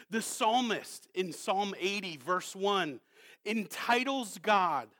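High-voiced, bright preacher man. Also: expressive. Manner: swings from hushed, intimate questions to loud emphatic exhortation; slows down to read scripture with weight. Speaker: pastor. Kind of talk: sermon.

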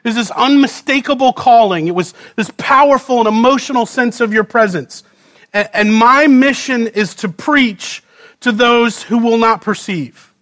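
A man preaching a sermon as a pastor, voicing scripture dramatically, moving from loud pleading questions to quiet low readings. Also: moderate pace.

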